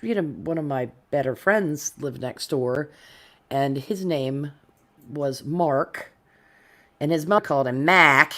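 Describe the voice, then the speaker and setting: A woman from the US South with a softened North Florida accent, chatting casually in a deliberate, well-enunciated way. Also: low-pitched. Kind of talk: casual chat.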